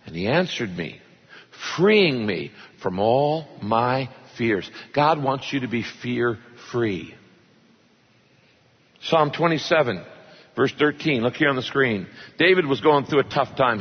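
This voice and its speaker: Husky guy preaching, jokey then dramatic scripture reading, echoey church hall sound. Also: medium pitch. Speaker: pastor. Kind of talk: sermon. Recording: long hall reverb, dull lo-fi sound.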